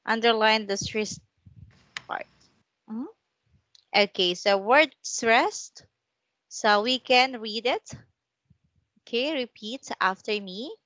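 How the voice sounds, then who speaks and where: A woman teaching a one-on-one online English lesson, speaking slowly and encouragingly and modelling words for the student to repeat over a video call. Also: fairly high pitch, sharp tone, dry recording.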